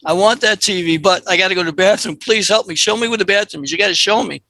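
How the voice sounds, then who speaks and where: A man co-hosting a comedy podcast, telling a funny story in an animated way and acting out the people in it. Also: high voice, fast, dry recording. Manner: animated, jumps into voices for characters. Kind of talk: comic storytelling.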